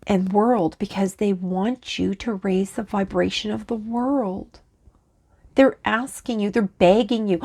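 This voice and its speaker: A woman channeling spirits in a rambling, halting monologue, often breaking off to talk back to unseen voices. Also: medium pitch, mellow, breathy edge. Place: lives in Canada.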